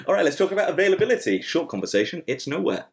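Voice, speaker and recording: Man, podcast host, wry and joking, animated pitch. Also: fast. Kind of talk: casual chat.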